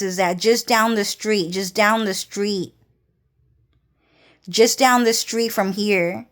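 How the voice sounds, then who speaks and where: A woman vlogger talking straight through a personal story in a casual monologue. She rambles, repeats herself and swears heavily. Her voice sits at an ordinary pitch for a woman. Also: fairly bright tone, clear, resonant tone. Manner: rambling, heavily profane, repetitive.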